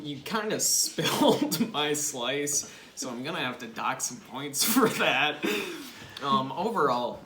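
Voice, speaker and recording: A man judges homemade bakes at a slow, halting pace, pausing with ums before each point. His voice rings in an echoey room with clear noise behind it. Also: mid-range voice, bright, forceful tone. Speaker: judge on a home baking show. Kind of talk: casual judging chat.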